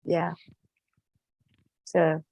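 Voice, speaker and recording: A woman's voice: drawn-out words, no echo, low-quality recording. Chatty South African woman with a dry close sound. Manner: lively storyteller, quotes people in different voices. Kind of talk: casual chat.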